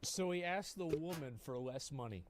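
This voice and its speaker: A man talks over a video he is watching, joking with dry sarcasm and circling back on his own words. His voice sits a little high for a man. There is a faint hiss of noise under him. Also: moderate pace. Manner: sarcastic, rambling, with frequent restarts. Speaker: streamer reacting to a video. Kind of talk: casual live-stream commentary.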